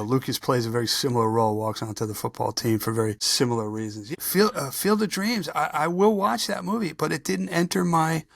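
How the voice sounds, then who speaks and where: A man co-hosting a sports podcast, chatting casually and telling brisk anecdotes. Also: medium pitch, no echo, studio quality. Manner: brisk anecdotal storyteller, quick to quote films. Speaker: podcast co-host.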